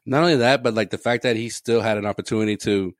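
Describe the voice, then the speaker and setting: A man's voice: lowish voice, quick pace, no echo, studio quality. A man co-hosting a podcast in casual sports chat, rambling and swearing freely, laughing often. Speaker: podcast co-host.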